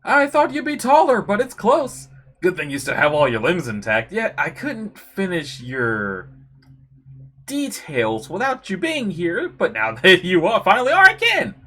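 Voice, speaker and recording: A woman voicing a playful, scheming male general who teases his friend, reading a comic aloud with a breathy voice. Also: on the low side, wildly swooping pitch, measured pace, sharp tone, exaggerated voice. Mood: teasing. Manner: teasing, cheerful.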